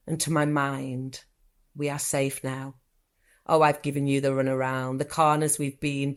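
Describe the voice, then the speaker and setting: A middle-aged woman from England performs a rhyming spoken word poem. Her voice sits low and stays fairly level, and she keeps the cadence slow and soothing. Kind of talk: spoken word poetry recitation.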